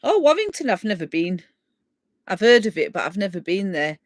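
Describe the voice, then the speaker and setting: A middle-aged Yorkshire woman from England hosts a casual live stream, rambling and laughing as she reads comments to her viewers. Her mid-range voice moves fairly quickly with big pitch swings, and there's no room sound.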